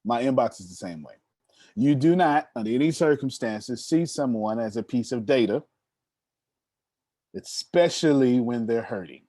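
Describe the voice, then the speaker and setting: Man in his thirties, mid-pitched motivational speaker, animated and teasing with his audience, dry close mic. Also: moderate pace, no echo. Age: 30s. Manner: animated, addresses the listeners directly and teases them. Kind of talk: storytelling talk to an audience.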